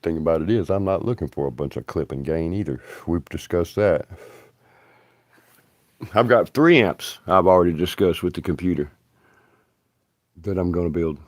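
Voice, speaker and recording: A man's voice: deep voice, moderate pace, long pauses, dry recording, clean studio sound. A man, rambling bluntly and profanely on a livestream.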